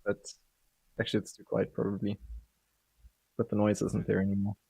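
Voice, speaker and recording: A man's voice: lowish voice, flat delivery, normal speed, creaky, warm tone. A man hosting a casual livestream Bible study, easygoing and chuckling, often restarting his sentences.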